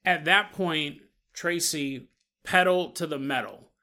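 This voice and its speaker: A man hosting a podcast, retelling a story in a casual, animated way and acting out the people he quotes. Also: fairly high pitch, slow pace. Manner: animated, acts out quotes with playful voices. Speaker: podcast host.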